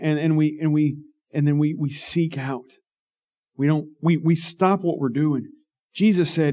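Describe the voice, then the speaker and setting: Earnest, slightly high-voiced male preacher. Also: normal speed, darkish tone. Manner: earnest, emphatic preaching with rhetorical questions. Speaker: pastor. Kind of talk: sermon.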